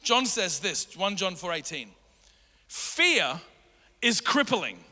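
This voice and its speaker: Male pastor, high and bright voice, sermon delivery, reverberant hall. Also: slow pace. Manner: energetic, builds to emphatic repeated commands. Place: church hall.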